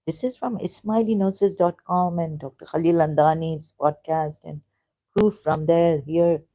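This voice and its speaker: A woman vlogging about religion to camera, hesitant and halting with many restarts, earnest and openly frustrated. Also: fairly low pitch, steady tone, warm tone. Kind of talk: unscripted talk to camera.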